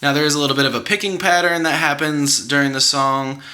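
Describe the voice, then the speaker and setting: A man's voice: fairly high pitch, fairly even intonation, fast talker. A young man giving a patient, encouraging guitar lesson, counting the beats aloud as he walks through chords. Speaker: guitar teacher. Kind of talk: guitar tutorial. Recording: guitar playing under the voice. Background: guitar playing.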